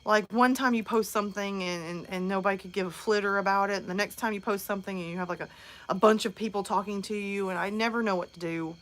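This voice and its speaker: A woman's voice: medium pitch, steady tone, quick pace. A woman in her thirties hosting a casual live stream from home, chatting and answering viewers' comments.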